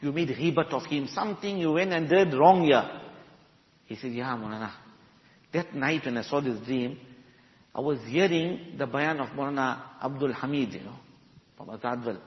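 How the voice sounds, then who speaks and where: A man giving a sermon in English, telling stories and mixing in Arabic and Urdu words. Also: a little high. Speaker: Muslim preacher. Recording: dull echoey hall recording.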